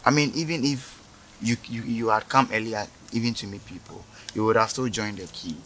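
A man's voice: lowish voice, moderate pace, a bit bright, slight background noise, lightly acted, low-quality recording. A man playing a rude, arrogant bank officer who talks down to a customer. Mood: firm. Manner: scornful, bossy, dismissive. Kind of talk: short film acting.

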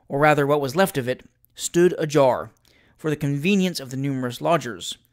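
A man, the host of a reading podcast, reading classic fiction aloud in a measured, expressive storytelling manner. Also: on the high side.

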